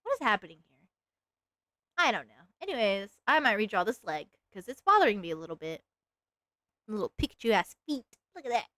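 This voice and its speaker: A woman's voice: mid-range voice, big pitch swings, fairly quick, pauses often, fairly bright tone, no echo. A young woman streamer chatting casually with her viewers while she draws, giggly and self-mocking. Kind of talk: casual live-stream chat while drawing.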